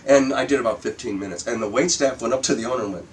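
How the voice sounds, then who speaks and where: A man's voice: medium pitch, rapid-fire, far from the mic, a little hiss or hum, rough recording. Older man telling profane stage stories. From Michigan. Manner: anecdotal, profane, restarts and acts out quotes. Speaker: guest comedian. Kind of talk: casual storytelling chat.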